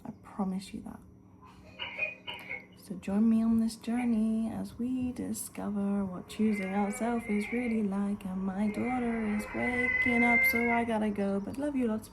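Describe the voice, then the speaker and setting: Woman, earnest motivational vlog, half-whispered at home, gravelly, faint background hiss. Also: fairly high pitch, fairly even intonation, unhurried. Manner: earnest, often drops to a whisper. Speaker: vlogger. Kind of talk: heartfelt motivational talk to camera. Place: at home in the early morning.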